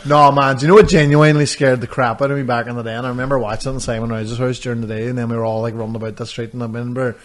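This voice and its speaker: A man chatting casually as a podcast co-host, easygoing and quick to laugh. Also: mid-range voice, flat delivery. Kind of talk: casual chat.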